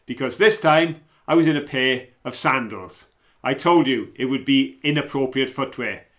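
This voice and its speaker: A man chatting casually outdoors by a lake as a vlog host, self-mocking and relaxed. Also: mid-range voice, normal speed.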